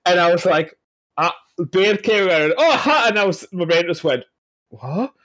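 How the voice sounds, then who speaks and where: A man chatting on a podcast, telling animated, laugh-filled anecdotes with some swearing. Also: sits high, moderate pace. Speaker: podcast guest. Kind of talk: casual podcast chat.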